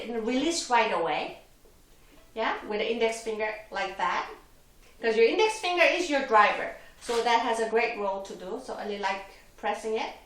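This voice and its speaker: Teaching violin, a woman walks through each step patiently, occasionally tripping over her words. Her voice sits a little high with a fairly bright tone. She is far from the mic, and the room echoes as the violin plays.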